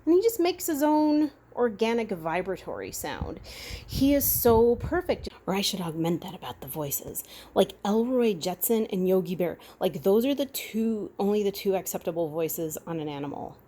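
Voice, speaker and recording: A woman's voice: mid-range voice, very animated, moderate pace, hardly any pauses, dark tone. A woman rambling in a casual rant, chatty and full of asides, recorded outdoors. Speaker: vlogger. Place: outdoors by a freeway. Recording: faint traffic noise outdoors.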